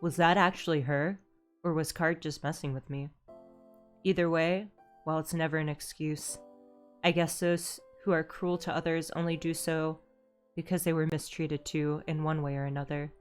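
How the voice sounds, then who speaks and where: A woman voicing a young game protagonist, reading firmly and in a measured way. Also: low-pitched, level tone, clean tone, soft background music, close to an everyday voice. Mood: resolute.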